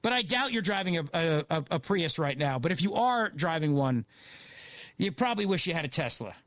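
A man hosting talk radio, riffing in a sarcastic, digressive monologue. His voice sits high and swings all over the place. The studio sound is dry and close. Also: sing-song, fairly quick, fairly bright tone, no room sound. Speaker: guest radio host.

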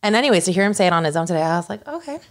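Fast-talking young woman with a gravelly edge. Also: on the low side. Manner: animated storytelling, acts out quoted voices. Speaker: podcast co-host. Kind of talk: casual chat.

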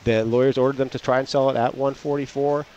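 A man in a relaxed radio chat, telling stories and acting out quotes. He sounds a little dull and lo-fi, as if the recording has lost its top end. A faint noise runs under him on an outdoor patio. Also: medium pitch, fast talker. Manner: chatty, anecdotal, acts out quotes. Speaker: real estate agent guest. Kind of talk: casual radio talk.

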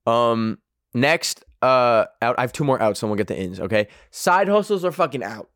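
A man's voice: mid-range voice, moderate pace, dry recording. Guy ranting on his podcast, swears constantly, lots of likes and ums, dry sound. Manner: profane, animated, rambling with many fillers. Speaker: podcast host. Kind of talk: casual opinion rant.

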